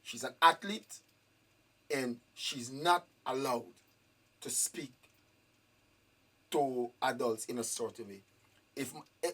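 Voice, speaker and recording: Husky parent demanding answers. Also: medium pitch. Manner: repetitive, demanding, raised emphatic questions. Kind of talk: confrontational questioning in a school meeting.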